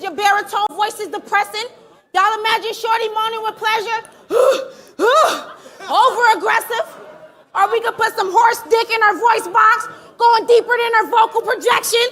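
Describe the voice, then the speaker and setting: A woman performing a live battle rap, taunting her opponent with aggressive, shouted punchlines. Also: very high-pitched, steady tone, moderate pace. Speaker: battle rapper. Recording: live event with crowd behind.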